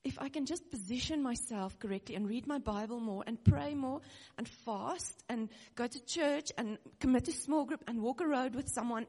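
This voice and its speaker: Gravelly-voiced woman preaching in a reverberant hall. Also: fairly high pitch, darkish tone. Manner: earnest and personal, with nervous laughs. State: close to tears. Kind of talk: sermon.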